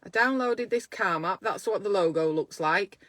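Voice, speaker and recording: A chatty woman, a midwife, talks casually to camera in a self-care vlog, thinking aloud and encouraging her viewers. Her voice sits at an ordinary middle pitch. The sound is dry and close, with no room echo. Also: moderate pace, a bit bright.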